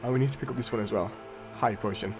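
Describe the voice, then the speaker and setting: A man's voice: medium pitch, very fast. A man hosting a let's play, giving casual, rambling gameplay commentary that often corrects itself. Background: faint game music.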